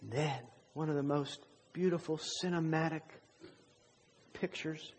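A man with a high-pitched voice gives a sermon, slowing down for dramatic pauses as he tells a story. His tone is husky and breathy. A long reverb from the hall follows each phrase. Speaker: pastor.

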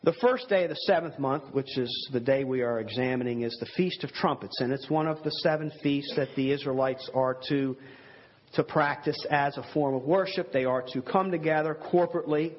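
A man's voice: mid-range voice, a little fast, muffled recording. A man preaching a sermon in an earnest, conversational way with rhetorical asides. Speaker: pastor.

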